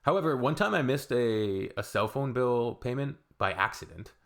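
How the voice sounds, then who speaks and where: A man from Canada giving casual reaction commentary, rambling with halting restarts and blunt asides. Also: medium pitch, animated, creaky, fairly bright tone. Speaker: reaction video creator.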